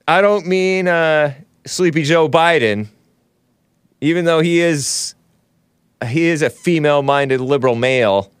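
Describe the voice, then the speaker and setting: A man's voice: a little high, fairly bright tone, clean tone, no room sound, studio quality. A man hosting a talk show, giving rambling, sarcastic commentary between clips and laughing at his own asides. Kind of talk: casual commentary playing clips.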